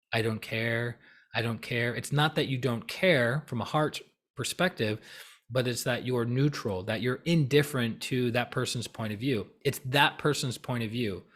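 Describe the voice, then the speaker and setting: A man giving a casual spiritual teaching talk, conversational and full of tag questions, now and then acting out heated voices. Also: medium pitch. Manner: animated, acts out heated voices mid-talk.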